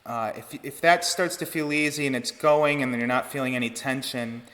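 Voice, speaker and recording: A man giving an online choir lesson, explaining breath and vowel shape in a relaxed teaching manner. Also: medium pitch, fairly quick, long reverb tail. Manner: relaxed teaching talk with sung demonstrations. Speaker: choir director. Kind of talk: online vocal technique lesson.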